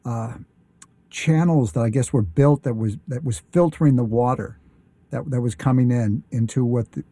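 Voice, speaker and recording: Dark-voiced man, halting radio chat. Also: mid-range voice, breathy edge, no echo. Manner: enthusiastic, halting with many fillers and restarts. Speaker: radio show guest. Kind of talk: casual radio conversation.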